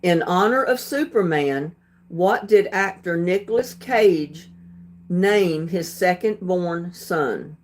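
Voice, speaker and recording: A woman's voice: lowish voice, slow pace, a little mellow. A woman hosting a casual trivia livestream, reading questions aloud and chatting with viewers, laughing often and stumbling over words. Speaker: livestream host.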